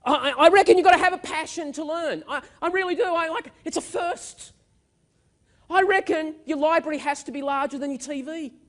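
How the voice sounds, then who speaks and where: A man's voice: extremely high pitch, brisk, a bit bright. A man giving a motivational keynote speech on stage, telling stories with energy and emphasis. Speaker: keynote speaker. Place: stage at a live event.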